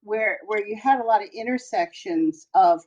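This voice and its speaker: A woman's voice: mid-range voice, moderate pace, darkish tone. Chatty woman hosting a paranormal show. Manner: chatty, loose, trails off with fillers. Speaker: host. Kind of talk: casual chat. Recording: dull lo-fi audio.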